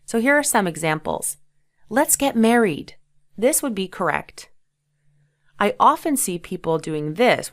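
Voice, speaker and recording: Clear-voiced woman teaching English grammar. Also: fairly low pitch. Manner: explains patiently, checks in with "okay?"; acts out example sentences with emphasis. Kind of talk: ESL grammar lesson.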